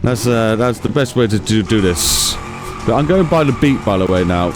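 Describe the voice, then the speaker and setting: Over background music, a man with a lowish voice talks through his own driving game for his gaming channel, animated and at a moderate pace. His let's-play commentary is chatty and self-mocking, aimed directly at his viewers.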